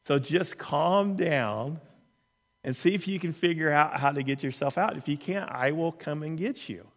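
A man voicing his calm, reassuring older father, speaking slowly and steadily. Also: fairly high pitch, long reverb tail, close to an everyday voice. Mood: calm reassurance.

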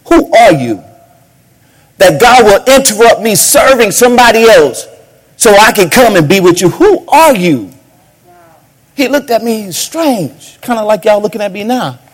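A man preaching a sermon as a pastor, swinging between sudden shouts and hushed asides. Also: high voice.

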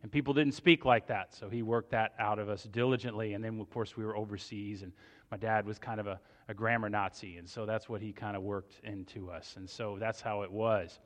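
A middle-aged man from Northern Virginia preaching a sermon as pastor, praying in a hushed voice, then telling stories with loud emphasis. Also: fairly low pitch, fairly even intonation, brisk. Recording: long reverb in a large hall.

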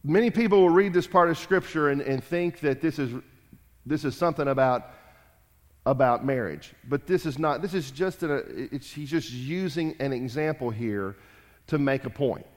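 A man preaching a sermon, emphatic and repetitive, rising loud and dropping quiet. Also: fairly high pitch, moderate pace. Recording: long hall reverb.

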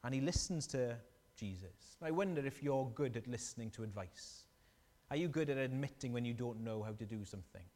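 A man preaching a sermon, animated and storytelling, asking the congregation questions. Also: mid-range voice, fairly quick, in a large hall.

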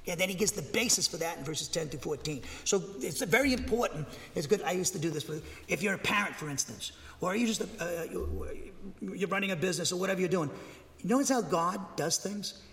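A man's voice: sits high, a little fast, a bit bright, big-room sound. A man preaching verse by verse, reading scripture aloud and then explaining it, with fillers and restarts. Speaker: pastor. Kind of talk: verse-by-verse Bible teaching.

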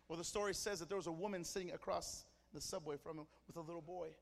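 Male pastor, passionate sermon delivery, high-pitched. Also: fast talker, long reverb tail. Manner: passionate, builds to shouting.

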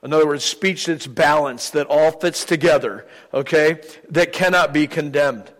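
A middle-aged man preaching a sermon, his voice sitting fairly high for a man. He is animated and slips into the voices of people in his stories. The sound rings with the long reverb of a large hall. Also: moderate pace. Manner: animated, acts out quoted voices. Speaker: pastor.

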